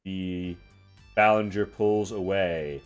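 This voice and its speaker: A man with a low voice runs a tabletop game, narrating battles and aftermath in halting bursts full of fillers. Faint music sits under his voice. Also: fairly even intonation, clean tone. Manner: halting storyteller, many fillers. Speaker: game master.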